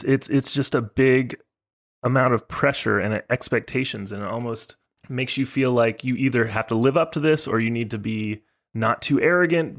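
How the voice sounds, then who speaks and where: A man co-hosting a podcast in casual chat, easygoing and quick to joke. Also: mid-range voice. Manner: joking, easygoing. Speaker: podcast co-host.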